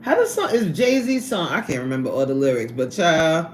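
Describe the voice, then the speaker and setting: A woman hosting a casual livestream from her workplace on a lunch break, reading out chat and laughing often in an animated way. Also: normal speed, echoey room, slight background noise. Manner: animated, laughs often, swoops up high when excited.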